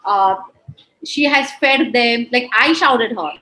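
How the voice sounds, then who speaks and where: A woman's voice: a little high, slow, pushed and bright, slight background noise, low-quality recording. A woman in her forties with an Indian English accent, speaking earnestly and emotionally as an interview guest, often saying "you know". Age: 40s. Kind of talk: heartfelt conversational interview.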